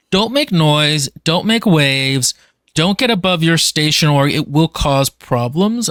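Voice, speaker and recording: Mid-pitched co-host talking through a book's world, casual and explanatory, dry close mic. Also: a bit bright, no room sound. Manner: explanatory, thinks aloud with fillers. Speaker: podcast co-host. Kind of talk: casual book discussion.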